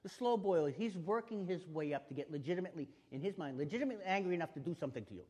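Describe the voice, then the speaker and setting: A man giving a spoken lesson on staying safe, animated and acting out the exchanges he describes. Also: a little high, racing, husky. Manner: animated, acts out quoted exchanges. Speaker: self-defense instructor. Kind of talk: spoken teaching talk. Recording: long reverb of a hall.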